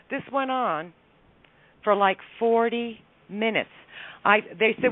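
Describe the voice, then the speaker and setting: Animated woman telling a story over a phone line. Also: medium pitch, unhurried, no room sound. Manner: animated, acts out the dialogue of her story. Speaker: caller. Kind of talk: casual storytelling on a call-in radio show.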